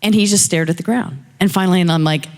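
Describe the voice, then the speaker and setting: Lively woman storyteller, audience testimony, echoing hall sound. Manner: fast, lively storytelling with high-pitched acted quotes. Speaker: audience member sharing a story. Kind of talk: animated personal testimony.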